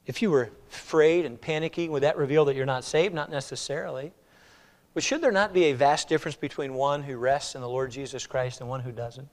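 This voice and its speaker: A man preaching a sermon in a church, firing rhetorical questions and swinging between loud urging and hushed, quiet passages. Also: mid-range voice, fairly quick. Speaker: pastor. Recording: reverberant hall.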